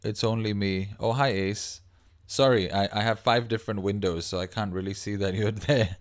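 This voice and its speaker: Steady in tone and on the low side, this livestream host speaks at a moderate pace. He's an adult with a young child, chatting loosely and wandering between topics while reading out comments from viewers.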